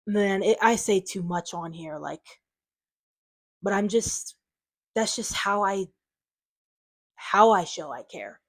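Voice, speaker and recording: A woman's voice: mid-range voice, expressive, takes it slowly, pauses often. A woman talking to her viewers in an unscripted vlog, defensive and frustrated, rambling with lots of fillers. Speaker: channel owner.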